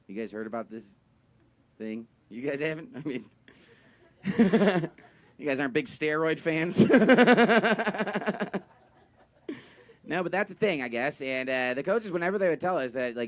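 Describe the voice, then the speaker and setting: A young man doing a stand-up comedy set, with a high, thin voice, rambling and self-deprecating, full of fillers. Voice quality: high, thin voice he calls dumb. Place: comedy venue with live audience.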